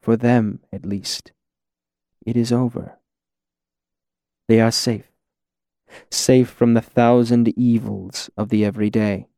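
Male reader doing a fallen hero crushed by grief: heavy, weary, desperate; slow delivery. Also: mid-range voice, flat delivery, creaky, no echo, studio quality. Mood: resigned. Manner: weary and heavy, rising to anguished shouts. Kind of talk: audiobook character voice.

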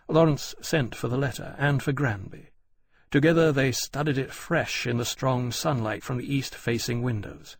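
A man reading a novel aloud in even, measured scripted narration. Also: medium pitch, husky, dry recording. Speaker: audiobook narrator.

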